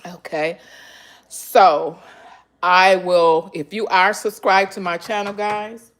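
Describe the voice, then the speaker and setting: A woman with a medium-pitched, level voice hosts a live cooking stream from her home kitchen, taking it slowly. She speaks emotionally to her viewers and breaks into breathy exclamations.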